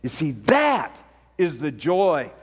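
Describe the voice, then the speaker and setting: A man with a high voice delivers a sermon as a lively storyteller, lifting his voice sharply whenever he quotes someone. The sound carries a long church reverb. It comes across as a pastor speaking from the pulpit. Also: takes it slowly, breathy edge. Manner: storytelling, acts out quoted preacher with rising intensity. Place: church sanctuary.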